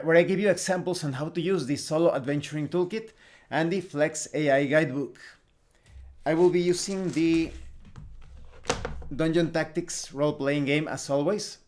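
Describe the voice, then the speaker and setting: A man with a fairly high, slightly mellow voice hosts a solo tabletop game tutorial. As host and sole player, he explains the rules and narrates the scene step by step, making small restarts along the way.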